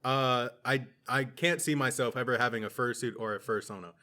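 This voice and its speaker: A man's voice: medium pitch, a little fast, pushed and bright. A young man co-hosting a podcast in casual chat, trading crude jokes and laughing often. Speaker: podcast co-host.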